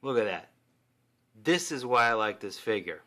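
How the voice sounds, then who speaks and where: A man chatting casually and excitedly while reviewing a collectible figure, swearing now and then. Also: mid-range voice, moderate pace.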